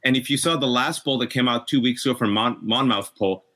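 A man's voice: medium pitch, a little fast, pushed and bright. A middle-aged man speaking as a guest in a political discussion, impassioned and emphatic. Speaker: podcast guest.

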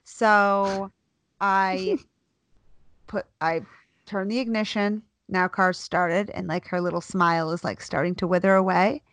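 A mother in her thirties, a podcast co-host and teacher, telling a lively story in casual chat, swearing freely and acting out what she said. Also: medium pitch, unhurried, dry recording. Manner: animated storyteller, swears freely, acts out quotes.

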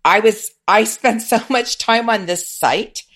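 A woman's voice: a little high, unhurried, fairly bright tone. A woman in a casual home-decor chat, talking eagerly, laughing often and restarting her sentences.

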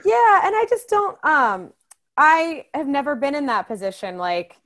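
A woman's voice: high-pitched, very animated, unhurried, a bit bright. A young woman co-hosting a podcast in casual chat, talking loosely with lots of fillers. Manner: chatty, many fillers. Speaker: podcast co-host.

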